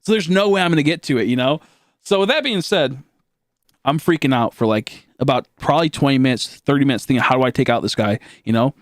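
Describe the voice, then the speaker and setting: A man's voice: mid-range voice, fast, no echo, clean studio sound. A male streamer telling a story in a casual, rambling way while he plays a game. He swears a lot, fills his talk with "like," and keeps laughing at his own tale.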